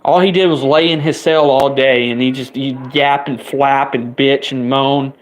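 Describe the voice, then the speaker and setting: A man in his twenties delivering an angry, profane rant, his voice jumping higher whenever he gets riled up. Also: fairly even intonation. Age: 20s. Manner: heated, rapid-fire swearing, voice spiking up when riled.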